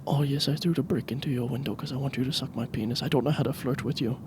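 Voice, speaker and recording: A man putting on a breathy, sleazy suitor with a mixed Latin accent. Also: mid-range voice, steady tone, fast talker, noisy background, lightly acted. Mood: breathy pleading. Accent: put-on mix of Spanish, Italian and French. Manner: hushed, breathy, pleading.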